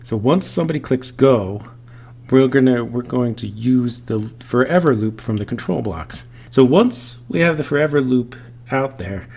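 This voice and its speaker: Man, coding tutorial voice, playful, jokey tangents, medium pitch, loud bursts on examples. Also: lively intonation, normal speed, vocal fry, breathy edge. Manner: playful, goes off on silly tangents. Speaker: coding teacher. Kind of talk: screen-recorded programming tutorial.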